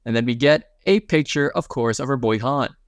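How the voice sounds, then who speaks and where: A man retells a comic story in a relaxed, slangy recap voice and walks through each scene as it comes. His voice sits at an ordinary middle pitch. It is recorded close and dry, with no room sound. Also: normal speed, clear, resonant tone, no room sound. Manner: casual and slangy, retelling panels in plain speech. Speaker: manhwa recap narrator. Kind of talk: casual story recap narration.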